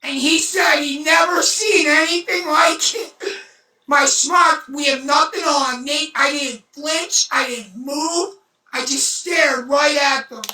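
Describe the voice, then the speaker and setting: A woman telling a story on a phone livestream, blunt and intense, swearing and breaking into shouts. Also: high-pitched, slow pace. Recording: roomy echo, far from mic.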